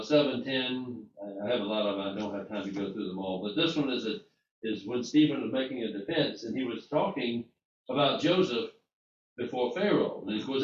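With a medium-pitched voice, a Bible teacher speaks conversationally in an informal sermon, often restarting and using fillers. A distant mic in an echoey room leaves him muffled, with a little background noise.

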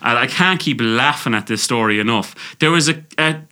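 A man's voice: medium pitch, normal speed, pushed and bright. A young Irish man co-hosting a casual podcast, bantering, swearing and laughing often. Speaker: podcast co-host.

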